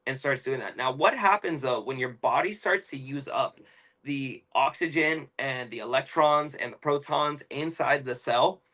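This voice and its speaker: Young male guest, mid-pitched, casual and emphatic, talks fast when explaining. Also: sharp tone, low-quality recording. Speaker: interview guest. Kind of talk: casual interview chat.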